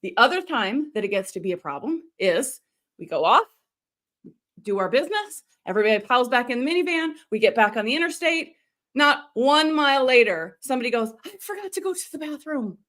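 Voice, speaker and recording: Chatty, animated woman coach, slightly high. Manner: chatty and animated, with quick asides. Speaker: online video coach hosting a live stream. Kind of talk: casual live-stream teaching.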